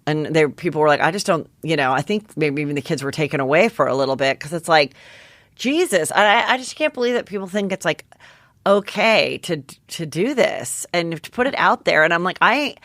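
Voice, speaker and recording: This podcast host, a woman in her forties, runs a casual gossip show in a fairly low, slightly bright voice. She speaks animatedly, stumbling and starting over as she hops from story to story, and the recording is dry and close.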